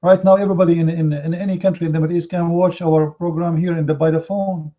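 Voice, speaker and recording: Fast and level in tone, this high-voiced debate host goads the other side with sarcastic rhetorical questions, his grammar marking him as a non-native English speaker. It's a heated live online debate heard through somewhat dull, muffled stream audio.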